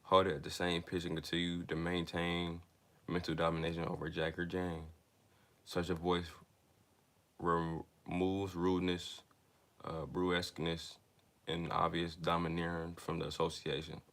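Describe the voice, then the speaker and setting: A man's voice: low voice, monotone, fairly bright tone. A young man reading a self-help book aloud, stumbling over words, with casual asides to his listeners. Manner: reads haltingly, stumbling and restarting words. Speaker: book reader and commentator.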